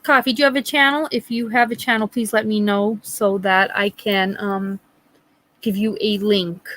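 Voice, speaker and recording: A woman's voice: mid-range voice, fairly even intonation, moderate pace, fairly bright tone, low-quality recording. A middle-aged woman hosting a live stream, telling a rambling story with acted-out quotes and chatting with viewers. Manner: rambling storyteller, acts out quotes, frequent laughs. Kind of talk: casual chat with live chat viewers.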